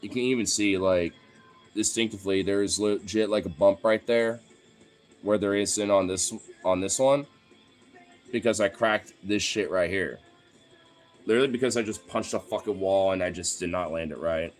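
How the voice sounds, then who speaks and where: A man with a fairly low voice rambles through a heated, profane monologue, packing it with fillers and restarts. He sounds loose and conversational, and his anger keeps building. Faint music plays under his talk. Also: moderate pace.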